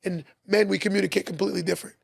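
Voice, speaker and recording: A man's voice: sits high, steady tone, racing, gravelly, no room sound, studio quality. A podcast host giving advice to listeners in a preachy way, repeating his points for emphasis.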